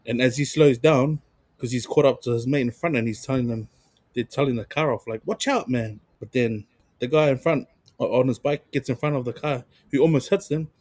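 NZ podcast co-host, husky and dry, casual slangy storyteller. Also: male voice, mid-range voice, brisk, a little mellow, no room sound. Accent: New Zealand. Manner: laid-back storytelling with slang and chuckles. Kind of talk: casual chat.

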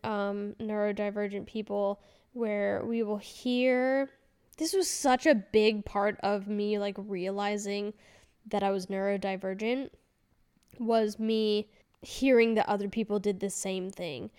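A woman's voice: mid-range voice, darkish tone, smooth. A woman in her thirties hosting a casual solo podcast, rambling candidly with fillers and self-corrections. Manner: chatty and candid. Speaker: podcast host.

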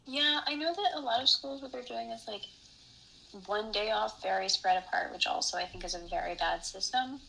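Young woman, student guest, hesitant, gravelly, bright tone, faint noise behind. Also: fairly high pitch, normal speed, poor audio. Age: young adult. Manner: hesitant, uses fillers. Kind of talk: casual chat.

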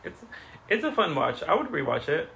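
A man co-hosting a podcast in a casual chat, pausing often on fillers such as um, like and you know. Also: a little high, sing-song, vocal fry, sharp tone, slight background noise. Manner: hesitant, lots of fillers. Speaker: podcast co-host.

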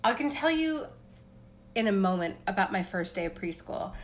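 A woman from Pennsylvania co-hosting a podcast, telling a story in a casual, animated way with lots of "like" fillers and voices for the people in it. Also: medium pitch, normal speed. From Appalachian Pennsylvania. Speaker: podcast co-host.

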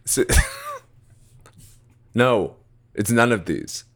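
A man co-hosting a podcast in casual chat, talking in a low, rambling way. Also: wildly swooping pitch, extremely slow, fairly bright tone. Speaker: podcast co-host.

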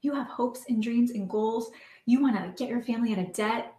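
A woman's voice: on the high side, a little fast, warm tone. A woman in her thirties giving a heartfelt motivational talk as a podcast host and coach, earnest and emotional, with many fillers. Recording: roomy echo.

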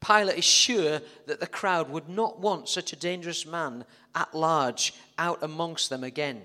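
A man's voice: fairly high pitch, measured pace, sharp tone. A man preaching a sermon as pastor, telling the story dramatically and joking with the congregation. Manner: dramatic storytelling, jokey asides to the audience. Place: church hall. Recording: echoey church hall reverb.

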